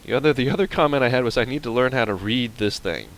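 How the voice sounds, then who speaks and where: A man giving casual, rambling let's-play commentary, mocking himself and now and then yelping with excitement. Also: medium pitch, quick pace, slight background noise, low-quality recording. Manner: self-mocking, rambling, bursts into excited yelps.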